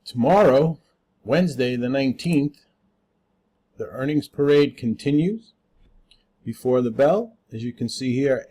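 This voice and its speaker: A man's voice: mid-range voice, dark tone. A man hosting a casual daily stock market rundown, talking unscripted with lots of "uh" fillers and spelling out tickers letter by letter. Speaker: stock market watchlist host.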